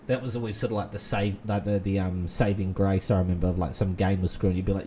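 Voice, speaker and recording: A man's voice: deep voice, steady tone, fast, few pauses, mellow, slightly rough. A man, rambling in casual gaming commentary full of fillers and restarts. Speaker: gaming channel host. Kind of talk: casual let's-play commentary.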